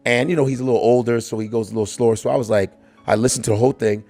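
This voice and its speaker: Animated man retelling a heated story. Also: mid-range voice, rapid-fire, soft background music. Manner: animated, profane, quotes others. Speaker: guest. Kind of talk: casual storytelling in conversation.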